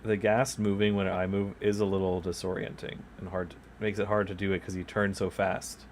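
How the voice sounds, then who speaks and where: A man with a low voice and level tone streams a game from home, talking at a moderate pace into a microphone beside his desk. His chat is loose and rambling, full of chuckles and self-mockery, with a little hiss or hum audible.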